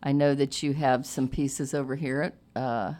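A woman with a strikingly deep voice hosts a relaxed talk show. She keeps the conversation moving with friendly, chatty questions. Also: normal speed. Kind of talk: casual interview chat.

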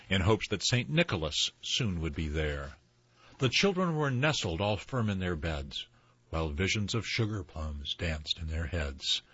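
An older man reading children's stories aloud in a slow, expressive storytelling manner. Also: sits low, breathy edge, no room sound. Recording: slightly dull dry recording.

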